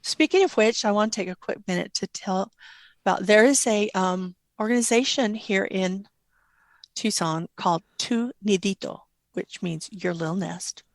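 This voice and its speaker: A middle-aged woman, a guest mother, telling gentle stories about her daughter in an interview. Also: mid-range voice, moderate pace, no echo. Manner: tender, animated quoting of her child. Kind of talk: storytelling interview.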